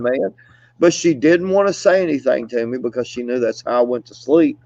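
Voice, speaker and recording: A man's voice: mid-range voice, lively intonation, moderate pace, darkish tone, no echo. A man telling stories in a casual chat, laid-back and rambling, laughing often and filling gaps with "you know". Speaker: storyteller. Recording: dull, dry lo-fi recording.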